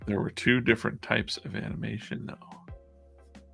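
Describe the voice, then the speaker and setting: A man's voice: on the low side, flat delivery, a little slow, creaky, a bit bright, faint music behind. A man hosting a casual live stream as a comic artist, chatting in a rambling way with many restarts.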